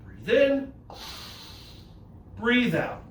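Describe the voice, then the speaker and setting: A man with a New Jersey accent leads a children's yoga class, his high voice leaping up and down as he cheers the kids on. He talks in an unhurried, playful way. The sound is roomy and echoing, caught from a few steps away. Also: wildly swooping pitch, distant mic, background noise. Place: indoor room.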